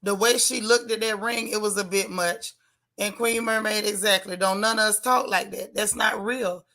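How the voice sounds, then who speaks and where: A woman's voice: medium pitch, fairly even intonation, normal speed, sharp tone. A woman hosting a casual live chat, blunt and sassy, reading viewer comments aloud. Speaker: livestream host.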